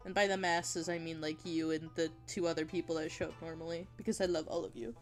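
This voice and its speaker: A woman chatting casually on a livestream while she draws, gushing and giggling, with bursts of excitement and casual swearing. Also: on the low side, brisk, soft background music. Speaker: art streamer.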